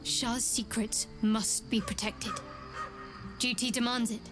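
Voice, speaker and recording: Casting: a guarded, wry female cleric in a game, measured and quietly firm. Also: a little high, fairly even intonation, music in the background. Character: secretive young female cleric, guarded and dutiful. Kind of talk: video game voice acting.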